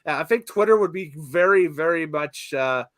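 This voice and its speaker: A man's voice: fairly high pitch, animated, normal speed, a bit bright, no echo. A man hosting a casual podcast, leading the discussion, asking questions and laughing easily. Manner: upbeat, asks questions and laughs often. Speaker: podcast host. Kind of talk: casual chat.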